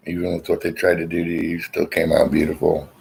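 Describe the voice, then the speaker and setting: A middle-aged man with a very low, gravelly voice talks to his viewers from his armchair. His rambling, blunt chat is full of swearing, and it is picked up by a laptop's built-in mic. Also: monotone, fast, a little mellow, low-quality recording. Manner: rambling, profane, blunt storyteller. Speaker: vlogger. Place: at home, seated in an armchair.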